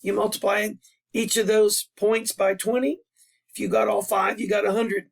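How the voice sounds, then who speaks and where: A middle-aged male history teacher talks through an essay assignment in a recorded lesson, his voice hoarse and worn out. The tone is high and gravelly, with a lot of fry. He explains patiently and slips in casual asides. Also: little pitch movement, normal speed. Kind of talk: recorded classroom lesson over a screen. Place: at a computer, voice-over.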